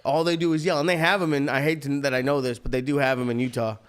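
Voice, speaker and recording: A man's voice: mid-range voice, steady tone, fast talker, clear, resonant tone. A man co-hosting a podcast, chiming in with short casual remarks. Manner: brief interjections, pushes back casually. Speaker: podcast co-host. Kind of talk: casual chat.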